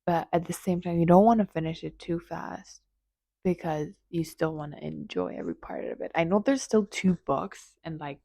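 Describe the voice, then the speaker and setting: A young woman vlogging about a book she is reading, gushing and excitable as she reacts and reads passages aloud. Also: sits low, moderate pace, gravelly, no echo, clean studio sound. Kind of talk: casual reading vlog commentary.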